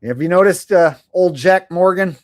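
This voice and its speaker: A man's voice: high-pitched, normal speed, dry recording, clean studio sound. A man hosting a live stream, chatting casually and sarcastically, swearing freely and laughing at his own jokes.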